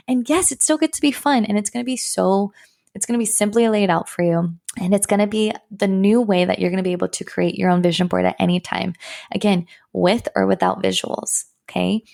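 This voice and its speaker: A young woman hosts a podcast on her own. She speaks in an upbeat, encouraging way, and vocal fry runs through her mid-range voice. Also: mid-range voice. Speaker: podcast host and healer. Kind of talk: solo podcast monologue.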